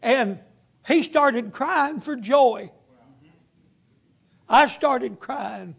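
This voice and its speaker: A man's voice: extremely high pitch, drawn-out words, creaky, breathy edge. A man preaching a sermon as a guest preacher, telling a story in a folksy storytelling way.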